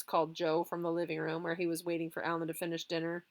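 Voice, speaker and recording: A woman, a teacher, reading a children's novel aloud in a lively, expressive way. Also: on the low side, fast talker.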